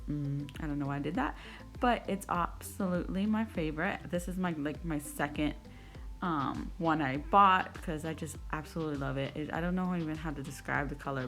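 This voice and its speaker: A young woman vlogger chatting casually over her makeup routine, rambling and poking fun at herself. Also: fairly low pitch. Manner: chatty, self-deprecating, rambling. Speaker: beauty vlogger.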